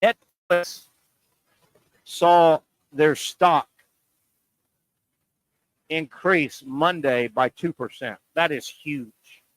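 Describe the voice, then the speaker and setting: A man's voice: a little high, no echo, low-quality recording. A man hosting a sports talk show, making his point with rhetorical questions and repeating key lines for emphasis. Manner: pauses and stretches words for emphasis.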